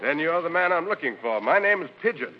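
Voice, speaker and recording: A self-important lawyer who speaks formally in an old radio comedy. His voice is raised and lively in pitch. Loud hiss covers the dull broadcast sound. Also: fast. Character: pun-loving male attorney. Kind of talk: 1940s radio comedy acting.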